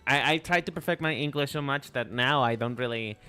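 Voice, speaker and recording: A man's voice: medium pitch, fairly quick, sharp tone, clear, resonant tone. A man with a Mexican accent, a native Spanish speaker, chatting casually on a live stream in a playful, rambling way full of restarts. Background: faint music.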